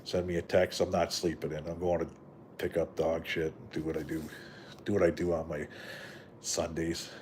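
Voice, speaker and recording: A man's voice: low voice, little pitch movement, normal speed, darkish tone, a little hiss or hum. A middle-aged man from Canada hosting a live stream, chatting in a rambling, profane way with lots of fillers and "right?" tags. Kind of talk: casual rambling live chat.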